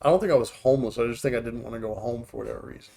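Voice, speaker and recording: A man's voice: medium pitch, very fast, creaky, warm tone. Profane rambling podcast host guy. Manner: profane, storytelling, loose and rambling. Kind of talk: casual chat.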